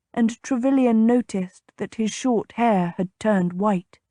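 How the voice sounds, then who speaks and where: Woman audiobook narrator, medium pitch, unhurried even delivery, dry booth sound. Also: no echo. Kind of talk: scripted romance narration.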